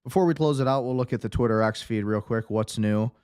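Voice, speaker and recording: A man's voice: mid-range voice, fast, darkish tone, smooth. A man hosting a livestream watch-along, reacting in a casual, chatty way. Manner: casual, chatty, uses fillers. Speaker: livestream host.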